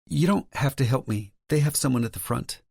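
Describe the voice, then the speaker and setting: A man's voice: mid-range voice, lively intonation, a little fast, vocal fry, a little mellow, breathy edge, no room sound, clean studio sound, pitched above the performer's own voice. A male narrator voicing a teasing, sassy young woman in an audiobook, speaking in a playful, bantering way.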